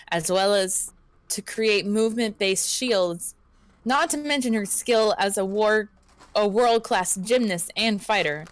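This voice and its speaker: A woman's voice: mid-range voice, smooth, no echo. A woman streamer reading an interactive story aloud on a live stream, sometimes stumbling over words and correcting herself. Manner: reads narration aloud, stumbling and correcting herself, laughs often.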